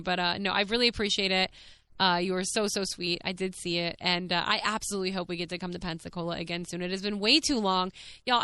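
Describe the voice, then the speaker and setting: A young adult woman hosting her own podcast, chatting candidly and reading listener comments aloud, full of fillers and quick laughs. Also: medium pitch, pushed and bright, clear, resonant tone, dry recording. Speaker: podcast host.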